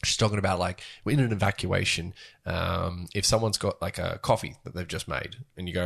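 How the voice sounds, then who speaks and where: A man's voice: sits low, a little fast, gravelly, a bit bright. A man, co-hosting a podcast, telling a rambling, laughing story with plenty of swearing. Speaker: podcast co-host. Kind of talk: casual chat, storytelling.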